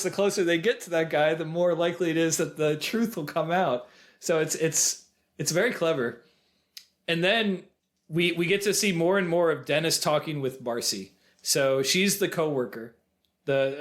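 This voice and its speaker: Male podcast co-host, slightly high voice, animated retelling with quoted lines. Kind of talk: casual film discussion.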